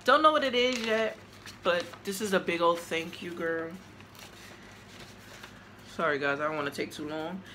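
A woman's voice: lowish voice, moderate pace, pauses often, bright, forceful tone, a little hiss or hum. A woman opening fan mail for her vlog, chatty and gushing as she talks straight to her viewers. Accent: New York. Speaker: vlogger.

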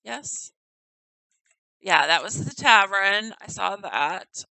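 A woman's voice: mid-range voice, animated, slow pace, creaky, sharp tone, no room sound, rough recording. Giggly woman touring a game house. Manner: giggly, chatty, stumbles over names. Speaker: game house tour video maker. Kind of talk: casual game commentary.

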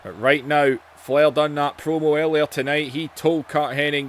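A man doing excitable play-by-play commentary over a wrestling video game, his voice going hoarse, shouting out the moves and often saying "man". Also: a little high, moderate pace, hardly any pauses, a little hiss or hum.

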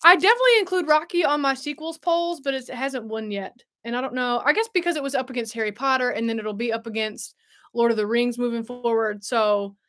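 A woman's voice: fairly high pitch, fairly bright tone. A young woman hosting a casual livestream, bubbly and chatty, laughing often and answering viewers. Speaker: host.

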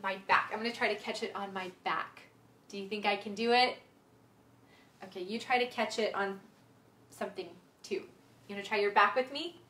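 With a bright, forceful mid-range voice, a young woman teaches young kids music and movement on a livestream, the indoor room echoing around her. She talks at a moderate pace with long pauses, playful and sing-song, breaking into song and vocal games often.

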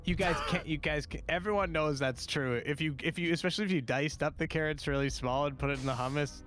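A man's voice: fairly high pitch, fast talker, fairly bright tone, faint music behind. A young man chatting casually on a stream, giggling often and rambling as he talks. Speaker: streamer co-host. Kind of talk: casual gaming chat.

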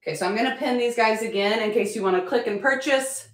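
A woman selling at a live-stream auction, bubbly and excitable, often apologizing and thanking her viewers. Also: fairly high pitch, fast. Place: home room with a chalkboard. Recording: echoey room.

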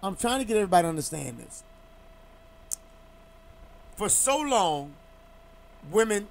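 A man's voice: fairly high pitch, expressive, moderate pace, long pauses. A man hosting a talk show, telling stories in an emphatic, heated way with lots of restarts. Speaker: talk show host and former boxing champion. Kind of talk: casual talk show chat.

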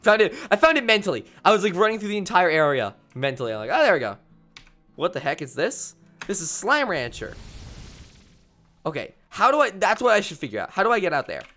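Animated young male game streamer. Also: high-pitched, fairly quick, soft background music. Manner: rambling, playful, reads chat aloud. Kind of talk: casual gameplay commentary.

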